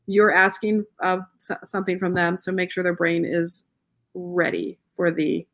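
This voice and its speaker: Woman, lowish voice, chatty, laughs a lot, casual interview talk. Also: level tone, measured pace, a bit bright. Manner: chatty, laughs often, trails off and restarts. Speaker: pet photographer guest.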